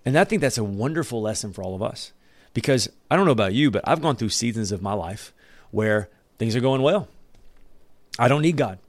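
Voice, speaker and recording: A man's voice: mid-range voice, lively intonation, a little fast, no echo. A man giving a casual Bible lesson, reading verses aloud and breaking in with joking, conversational asides. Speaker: Bible study teacher.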